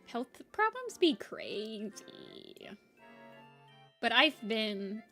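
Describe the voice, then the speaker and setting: A young woman talks loosely with her viewers as she draws, stringing thoughts together with plenty of fillers. Her voice sits a little high, and faint music plays underneath. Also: lively intonation, moderate pace. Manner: chatty, rambling, lots of fillers like "like". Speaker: art streamer. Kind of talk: casual chat while drawing. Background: soft background music.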